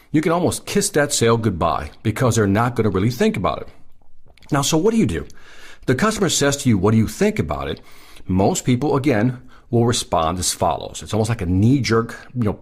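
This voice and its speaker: A man's voice: fairly low pitch, big pitch swings, brisk, slightly rough. A man giving a sales training talk, emphatic, repeating key points and putting questions to the listener.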